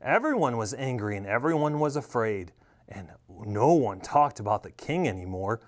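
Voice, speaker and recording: A man telling a children's story aloud with great expression, his pitch swooping widely from line to line. He sits at a middling pitch for a man. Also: sing-song, normal speed. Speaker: store manager reading a children's story.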